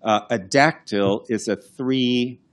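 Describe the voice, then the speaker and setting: A man, a classicist and translator, giving an unscripted talk, explaining slowly with many restarts and fillers and humming out verse rhythms. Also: medium pitch.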